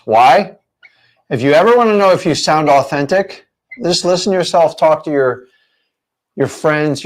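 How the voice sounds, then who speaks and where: A man teaching a real estate training session, emphatic and full of rhetorical questions. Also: a little high.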